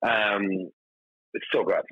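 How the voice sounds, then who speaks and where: A man's voice: fairly low pitch, steady tone, takes it slowly, dry recording. A man, a guest chef, chatting casually in an interview and filling his talk with "like", heard over a dull remote line. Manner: chatty, heavy use of "like".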